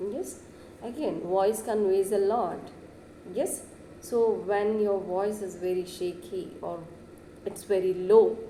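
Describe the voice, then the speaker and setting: A woman giving a classroom lecture, who keeps saying "yes" and pushes her pitch up to stress words. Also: mellow, roomy sound, slight background noise, poor audio.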